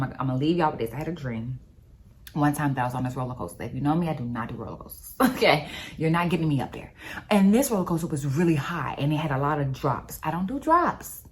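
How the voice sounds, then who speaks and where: A woman talking casually about faith, telling personal stories in an animated, conversational way. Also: low voice, slight background noise. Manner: animated storyteller, expressive and conversational. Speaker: vlogger.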